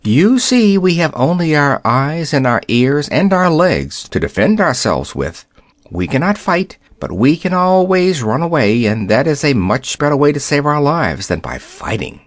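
A man voicing a shy, gentle male rabbit who grows chatty as he talks. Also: a little high, sing-song, measured pace, no room sound, clean studio sound.

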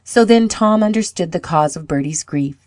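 A woman narrates a children's storybook in a clear, measured voice that sits on the low side. The recording is close and dry. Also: expressive, a little mellow, dry recording. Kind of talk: storybook reading aloud.

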